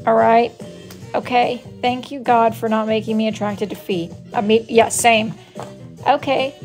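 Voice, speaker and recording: A woman's voice: a little high, a little mellow. A woman hosting a casual live stream, reading viewer messages aloud in a dry, sarcastic, mock-scolding way. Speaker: wood-burning artist hosting a live stream.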